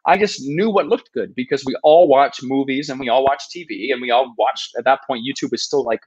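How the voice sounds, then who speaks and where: A man in his thirties tells his own story on a podcast, earnest and self-deprecating, often restarting his sentences. His voice sits at an ordinary middle pitch for a man. The recording sounds slightly dull and lo-fi. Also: a little fast, slightly rough. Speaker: podcast guest, travel video maker. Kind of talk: casual storytelling interview. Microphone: podcast microphone.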